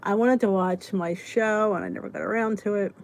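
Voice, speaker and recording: A middle-aged woman hosting a casual weight loss support chat, joking and yawning, with soft whispered asides, and a faint hiss under her voice. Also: mid-range voice, brisk. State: sleepy, yawning. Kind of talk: casual live chat reading viewer comments.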